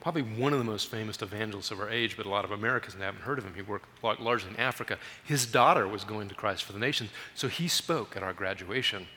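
A man preaches a guest sermon, telling stories with animation and pushing his voice up for emphasis. His tone is bright and forward. The sound rings with a long church reverb, and there is faint room noise behind him. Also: on the low side, quick pace, few pauses. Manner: animated storytelling, raises voice for emphasis. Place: church sanctuary.

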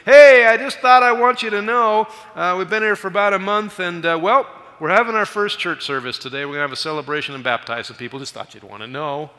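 An offhand, upbeat missionary tosses out news as if it were nothing special, voiced by a man. The voice comes out bright and high. A long hall reverb trails behind it. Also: fast talker, hardly any pauses. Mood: breezy. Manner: offhand, casual. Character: breezy upbeat male missionary on a call.

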